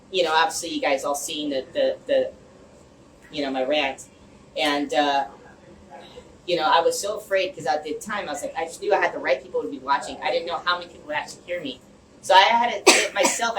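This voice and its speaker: A man from the Los Angeles area giving an animated, rambling storytelling speech to a community group. He restarts phrases often and leans on "like" and "you know.". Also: on the high side. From Los Angeles area, United States. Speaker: speaker addressing a community group. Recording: echoey room, mic far off, faint hum.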